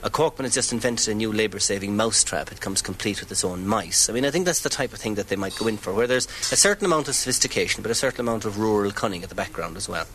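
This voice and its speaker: A man's voice: on the low side, lively intonation, rapid-fire, few pauses, fairly bright tone, a little hiss or hum, rough recording. A man giving wry, anecdotal commentary in an interview. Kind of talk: reflective commentary.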